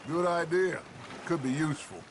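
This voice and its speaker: A man playing a smooth outlaw gang leader. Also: a little high, normal speed, noisy background, lightly acted. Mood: upbeat. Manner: smooth, reflective, persuasive. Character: charismatic middle-aged male outlaw gang leader. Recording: game audio over loud lapping water.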